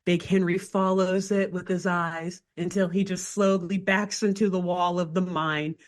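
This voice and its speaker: A woman co-hosting a podcast, retelling a cartoon episode in casual chat with animated storytelling and lots of filler words. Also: on the low side, measured pace. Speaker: podcast co-host.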